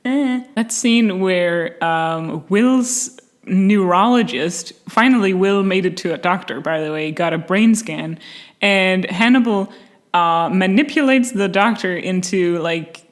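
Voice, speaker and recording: A woman hosting a casual commentary video, animated and sarcastic, often breaking into laughter. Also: lowish voice. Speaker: video essay host.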